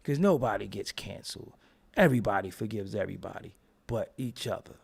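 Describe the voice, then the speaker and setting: A man's voice: lowish voice, expressive, a little fast, vocal fry, breathy edge. A young man who hosts a commentary vlog and rants bluntly, cursing and repeating himself. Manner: blunt, profane, repetitive. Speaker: commentary channel host. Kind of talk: ranting commentary.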